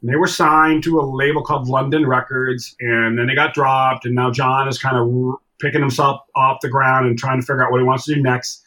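A middle-aged man telling stories from his past in a casual interview, animated and acting out the voices of people he quotes. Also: medium pitch, brisk, hardly any pauses. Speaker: drummer and podcast guest.

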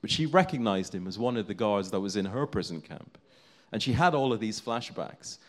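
A man with a lower-pitched voice delivers a sermon, telling a story with earnest, mounting emphasis. He speaks as a preacher to a congregation. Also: animated, fairly quick.

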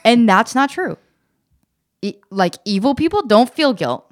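A woman's voice: fairly high pitch, very animated. A woman co-hosting a casual self-help podcast, talking earnestly and encouragingly to listeners. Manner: earnest, encouraging, retells scenes in quick voices. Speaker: podcast co-host.

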